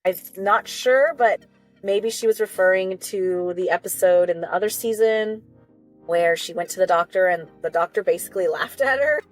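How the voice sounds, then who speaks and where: A woman's voice: mid-range voice, normal speed, soft background music. A woman hosting a reaction video, recapping an episode in a chatty, rambling way with little asides and apologies. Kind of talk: casual recap and commentary.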